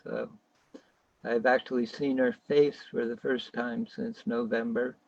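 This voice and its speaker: A middle-aged man speaking on a video call, talking fast and matter-of-fact about personal news. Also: mid-range voice, little pitch movement, creaky, a little mellow, no echo. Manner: rapid, matter-of-fact speech. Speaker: performer sharing a song. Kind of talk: casual chat on a video call. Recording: muffled, dry video call audio.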